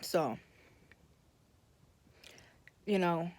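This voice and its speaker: A woman's voice: on the low side, very slow, a little mellow. A woman telling a personal story in a casual, rambling way, often correcting herself and livening up when she quotes her family. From Brooklyn, New York.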